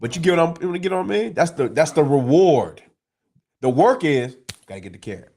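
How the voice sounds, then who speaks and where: A brisk male voice, on the high side, delivers a scripture lesson full of street talk and swearing. His manner is animated, and he repeatedly asks the class, "you understand?"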